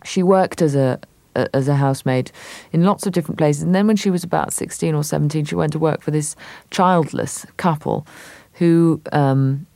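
An English actress as a radio interview guest, telling stories thoughtfully with many hesitations. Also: female voice, sits low, normal speed, creaky, few pauses, mellow, no echo.

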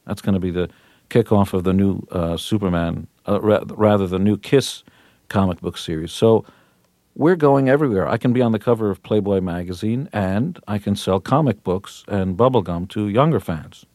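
A man's voice: lowish voice, moderate pace, darkish tone, dry recording. A man in his fifties, a rock musician guest on a radio interview, talking in a brash, boastful and punchy way from a studio.

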